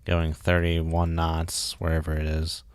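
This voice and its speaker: A man's voice: extremely low pitch, monotone, takes it slowly, clean tone, no room sound, studio quality. A man casually thinking aloud while streaming a game, muttering and joking at himself. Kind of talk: casual live gameplay commentary.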